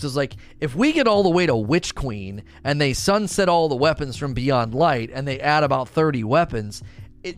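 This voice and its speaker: A man giving casual video game commentary and answering viewer questions, talking in a rambling way with many restarts and asides. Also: medium pitch. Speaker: gaming content creator.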